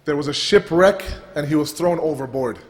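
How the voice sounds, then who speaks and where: Man, high voice, sermon storytelling, restarts, echoing hall. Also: normal speed. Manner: animated storytelling with repeated restarts. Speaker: religious speaker. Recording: reverberant hall.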